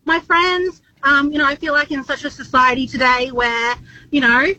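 Bright bubbly woman caller. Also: high-pitched, fairly even intonation, normal speed, no room sound, dull audio. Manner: bubbly, boisterous. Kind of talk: casual phone-in chat.

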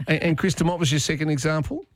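A man's voice: fairly high pitch, quick pace, dry recording. A man hosting a talkback radio show, chatting casually with a guest and callers, laughing easily and often restarting his sentences. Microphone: studio microphone.

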